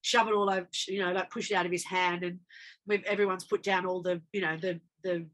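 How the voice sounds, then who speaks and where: Actress, bright-voiced, animated storyteller, for a casual interview. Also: female voice, fairly low pitch, brisk. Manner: animated, acts out dialogue in her anecdotes. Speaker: actress guest.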